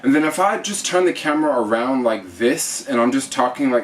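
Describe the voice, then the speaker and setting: A man's voice: medium pitch, animated, brisk, far from the mic, slight background noise. A man vlogging casually while demonstrating his camera setup, rambling with fillers, talking into a small camera mic. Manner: chatty, rambling, lots of fillers. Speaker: travel vlogger. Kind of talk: casual gear demo. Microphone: GoPro with attached shotgun mic.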